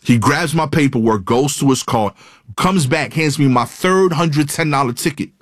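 A man telling a comic personal story, animated and building suspense through repetition. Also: a little high, normal speed.

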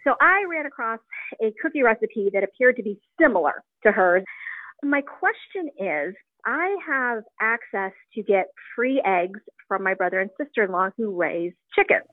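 A woman's voice: mid-range voice, expressive, moderate pace, no room sound. A woman from Ohio calling into a radio show with a cooking question, friendly and laughing lightly. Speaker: caller. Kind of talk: call-in question. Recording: tinny phone line.

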